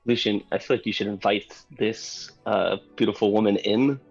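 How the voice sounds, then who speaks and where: A man's voice: lowish voice, fairly even intonation, moderate pace, creaky, husky, dull audio, faint music behind. A man playing a tabletop role-playing game, speaking with a teasing manner. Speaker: player.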